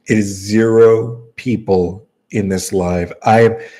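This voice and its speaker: A man's voice: fairly low pitch, steady tone, slow, mellow. A man streaming live, chatting casually and rambling, often repeating and restarting his phrases. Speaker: livestreamer. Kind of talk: rambling casual livestream chat.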